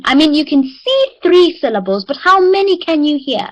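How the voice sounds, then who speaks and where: A woman's voice: high-pitched, big pitch swings, low-quality recording. A woman from South Africa with a South African accent, teaching an online English class and praising her students often. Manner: encouraging, drills words slowly.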